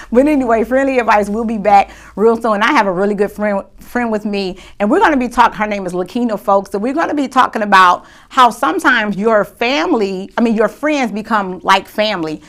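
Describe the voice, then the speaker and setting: A woman's voice: mid-range voice, normal speed. Middle-aged woman, talk show host, chatty, easygoing, faith-based talk. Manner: lively and chatty, shifting to soft and quiet when grieving.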